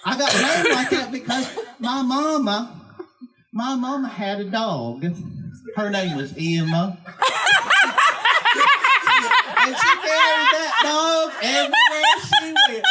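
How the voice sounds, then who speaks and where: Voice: medium pitch, natural voice. A performer playing a chatty, folksy church lady, a woman who rambles through stories and laughs through her lines at a live karaoke night. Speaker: stand-up comic character. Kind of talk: live stand-up storytelling. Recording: loud background noise, clicking.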